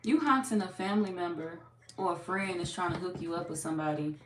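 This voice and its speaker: A woman giving a casual live tarot reading. She talks bluntly and profanely, chats with her viewers, and is slightly hoarse from losing her voice. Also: lowish voice, fast talker, music in the background. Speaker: tarot reader. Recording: echoey room, distant mic, background noise.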